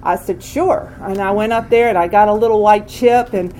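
Older woman telling her story haltingly. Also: mid-range voice, steady tone, mellow, slight background noise, low-quality recording. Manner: halting, candid, frequent restarts. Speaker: speaker sharing a recovery story. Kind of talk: personal testimony.

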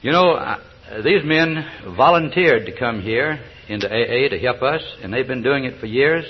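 A man's voice: mid-range voice, expressive, normal speed, a little hiss or hum. An older man giving a personal testimony at a recovery meeting, telling stories in a folksy way with chuckles and hesitant fillers. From South Georgia, US. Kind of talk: personal testimony talk with jokes. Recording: dull old lo-fi recording.

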